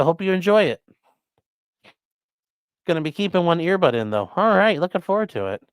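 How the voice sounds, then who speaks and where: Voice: medium pitch, sing-song, brisk, no room sound, studio quality. A defense attorney hosting a casual livestream, reading viewer chat aloud and answering in a blunt, profane way.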